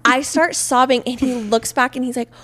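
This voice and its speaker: A woman's voice: sits high, fairly even intonation, moderate pace, a bit bright. A woman in her twenties co-hosting a podcast, chatting in a bubbly, enthusiastic way with plenty of slang. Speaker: podcast co-host. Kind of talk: casual chat.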